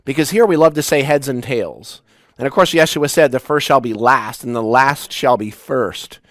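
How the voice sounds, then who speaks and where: A man in his forties, a spiritual teacher, giving a reflective talk with personal stories, halting and restarting as he goes. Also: mid-range voice, dry recording, clean studio sound. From United States. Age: 40s. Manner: personal, storytelling with pauses and restarts.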